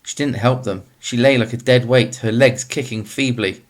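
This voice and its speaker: A man reading a novel aloud as narrator, in a steady, measured way. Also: mid-range voice. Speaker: audiobook narrator.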